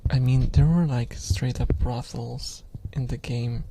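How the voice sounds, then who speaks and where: Slow, gravelly soft-spoken man. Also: mid-range voice, steady tone, noisy background. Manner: rambling, chuckling, drifting into whispers. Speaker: ASMR streamer. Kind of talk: soft-spoken ASMR rambling.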